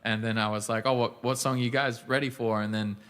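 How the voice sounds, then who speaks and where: A man's voice: medium pitch, steady tone, a little fast, clear, resonant tone. A man streaming live, chatting casually with his viewers between songs and talking to them by name. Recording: long reverb with loud guitar playing. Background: loud acoustic guitar.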